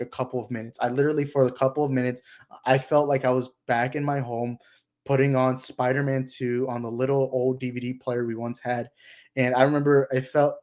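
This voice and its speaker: A young man in mid-range pitch gushes through a casual movie chat as the channel host. He talks in an excited, rambling way and leans on fillers and restarts as he goes. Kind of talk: casual movie discussion livestream.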